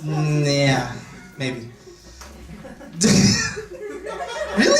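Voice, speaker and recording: A man hosting a comedy show, joking with the crowd after a set in a giggly, excitable way. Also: high-pitched, unhurried. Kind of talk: casual banter after a set. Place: comedy club stage. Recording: roomy club sound from far mic. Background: audience.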